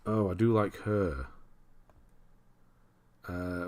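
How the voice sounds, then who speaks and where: A British streamer chats casually, thinking aloud and laughing as he reads through his viewers' lists. His deep voice is mellow and slow, with long pauses.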